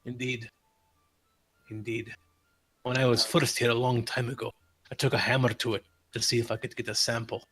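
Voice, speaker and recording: A man voicing a weathered old former adventurer who speaks in a low, hushed, secretive way. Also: little pitch movement, normal speed, pauses often, slightly rough, faint music behind. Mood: guarded.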